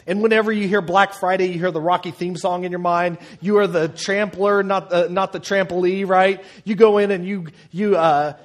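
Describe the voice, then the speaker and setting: A man's voice: high-pitched, steady tone, normal speed, few pauses. A man in his thirties preaching a sermon as pastor, chatty and humorous, with many fillers and restarts. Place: church auditorium.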